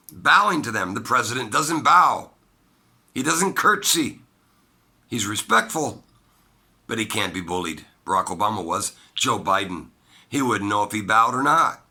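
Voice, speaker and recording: Solo commentator, male, forceful and bright, rough fry in the voice, swings from loud emphasis to hushed asides. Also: expressive, moderate pace. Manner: emphatic, swings between loud high bursts and low quiet asides. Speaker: political commentator. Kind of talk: solo opinion monologue.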